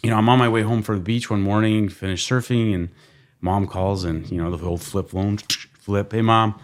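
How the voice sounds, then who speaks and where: A man guesting on a podcast, his voice sitting low as he spins loose, animated stories. He laughs easily and slips into quick impressions of the people in them. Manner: laughing, animated storyteller who mimics people. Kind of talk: casual storytelling.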